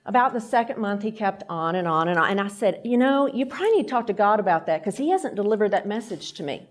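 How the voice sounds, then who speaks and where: Speaking fast with few pauses, this middle-aged woman from Texas has an expressive, medium-pitched voice and a Texan accent. As guest speaker at a lunch event, she delivers a faith-based leadership talk, telling stories and performing the quoted voices.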